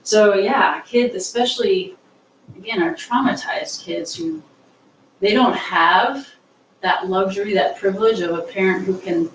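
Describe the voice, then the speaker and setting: A woman's voice: medium pitch, measured pace, slight background noise. Woman teaching in an echoey classroom. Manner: earnest, explains with everyday examples. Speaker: instructor on trauma-informed teaching. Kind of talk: classroom discussion. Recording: echoey room, voice from far off.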